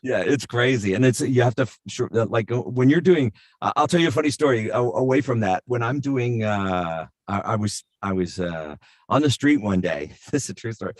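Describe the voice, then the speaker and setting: A middle-aged man, a voice actor, telling stories in an animated, chatty way with plenty of fillers. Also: medium pitch, brisk, no room sound, studio quality. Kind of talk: anecdotal storytelling.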